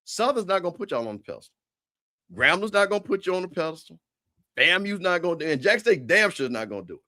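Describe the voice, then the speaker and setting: A man with a fairly high voice talks trash on a casual livestream. He is animated and repetitive, with lots of stammered restarts. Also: fast talker. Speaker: show host.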